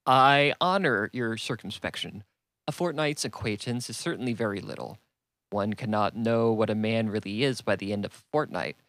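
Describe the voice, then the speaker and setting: A man's voice: fairly low pitch, moderate pace, fairly bright tone, dry recording. A man voicing a wry, teasing middle-aged father with a dry manner.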